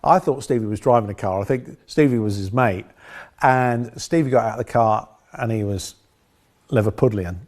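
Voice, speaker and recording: A man's voice: mid-range voice, moderate pace, darkish tone. A man, a film director, telling rambling anecdotes in an interview with dry humor.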